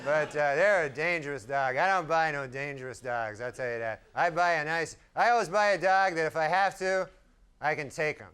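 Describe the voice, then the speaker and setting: A male stand-up comedian with an offhand, rambling, deadpan delivery, performing before a live audience. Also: fairly high pitch, moderate pace, crowd noise. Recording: loud audience laughter and room noise.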